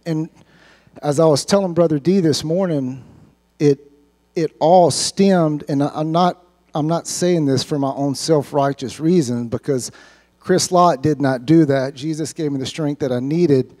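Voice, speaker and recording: A man's voice: fairly high pitch, unhurried, dark tone. A man giving an earnest, heartfelt personal testimony to a church congregation, sometimes repeating words as he speaks. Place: church sanctuary.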